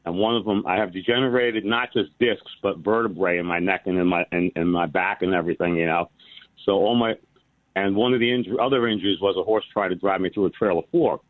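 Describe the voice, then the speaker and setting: A man's voice: low-pitched, fairly even intonation, fast talker, dry recording. A man in his sixties calling in to a radio talk show, telling a long, rambling story with many restarts. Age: 60s. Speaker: caller. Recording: phone line.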